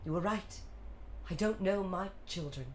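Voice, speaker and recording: A woman's voice: lowish voice, unhurried, a little hiss or hum, pitched below the performer's own voice, lightly acted. A woman voicing a stern, formal widowed captain who talks in short, clipped lines, over music. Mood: contrite. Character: stern aristocratic widowed naval captain, man. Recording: music playing under the voice.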